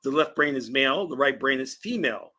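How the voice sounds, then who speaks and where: A man from Virginia giving an emphatic, preaching spiritual lecture on a livestream, answering chat and stretching key words slowly. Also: mid-range voice, lively intonation, pushed and bright. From Virginia, US South. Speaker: spiritual teacher and channel host.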